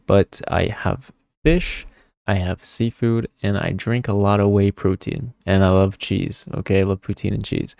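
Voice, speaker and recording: A man's voice: on the low side, dark tone, no echo, studio quality. A young man telling a story to camera in casual vlog chat, swearing freely and tagging lines with "okay?". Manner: chatty, swears a lot, keeps adding "okay?". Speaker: tarot vlogger.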